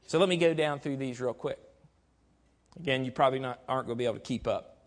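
A man preaching a sermon, emphatic and deliberate, slowing down to stress key words. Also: medium pitch.

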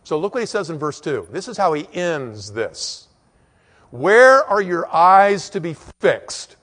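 A man delivering a church sermon in a slightly high voice. He shifts sharply between forceful, raised emphasis and hushed, slower passages. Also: sing-song, in a large hall. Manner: dynamic, swings from loud emphatic peaks to quiet low storytelling. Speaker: preacher.

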